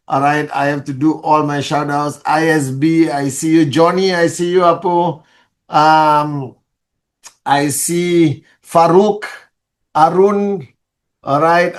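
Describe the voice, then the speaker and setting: A fairly high-voiced man hosts a live online call, calling out viewers by name and greeting them warmly. His delivery is energetic and loose, full of fillers and quick restarts, like a leader rallying his team. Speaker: network marketing leader. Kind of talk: live-stream address to followers.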